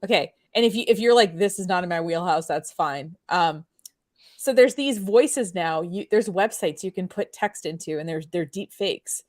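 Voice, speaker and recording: A woman's voice: on the low side, moderate pace, a little mellow. A woman with a French Canadian accent hosting a casual chat, rambling with many fillers. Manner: chatty, rambling, lots of fillers. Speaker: host.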